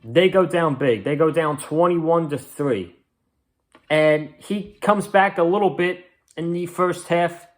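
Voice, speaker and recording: A man hosting a casual sports reaction recap, excitable and rambling, with lots of fillers. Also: on the high side, takes it slowly. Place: home, on a couch.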